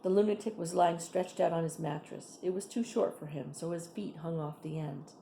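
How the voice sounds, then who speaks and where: Brief: woman reading a chapter book aloud, low dark voice, unhurried with friendly asides. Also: creaky, roomy sound, a little hiss or hum. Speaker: reader.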